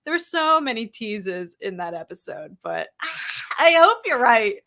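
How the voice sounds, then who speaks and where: A woman hosts a livestream in casual chat, enthusiastic and quick to giggle. Her voice sits fairly high and rings with a bright, forward tone. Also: big pitch swings. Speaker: livestream host.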